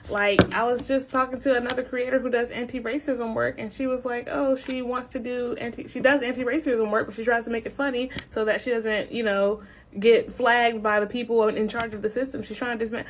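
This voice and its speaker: A woman content creator speaking softly in an earnest, conversational way. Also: fairly high pitch, steady tone, a little fast, a little hiss or hum.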